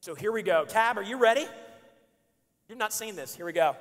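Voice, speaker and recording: A man in his forties telling an animated, joking story to a church congregation. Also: high-pitched, fast talker, long pauses. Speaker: speaker. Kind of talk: storytelling sermon. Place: church auditorium. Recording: long hall reverb in a church.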